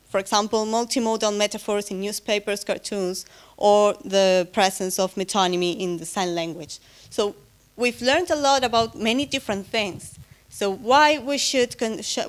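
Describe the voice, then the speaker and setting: A woman's voice: a little high, clear, resonant tone. A woman, an English speaker, giving a conference closing talk in a hesitant way, with many fillers, self-corrections and light humor. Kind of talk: academic conference presentation.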